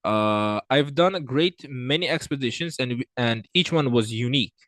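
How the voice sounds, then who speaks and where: A man's voice: normal speed, no room sound. Man tutoring, dry close sound. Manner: talks through answers with frequent fillers and restarts, pitch and loudness swinging. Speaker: IELTS tutor. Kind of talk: screen-recorded reading lesson.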